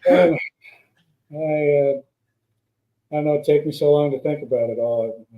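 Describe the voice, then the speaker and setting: A man's voice: a little high, steady tone, a little slow, muffled recording. A man, a guest pilot, telling long rambling anecdotes in a casual chat, with many restarts. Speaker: guest, former stunt pilot. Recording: roomy echo.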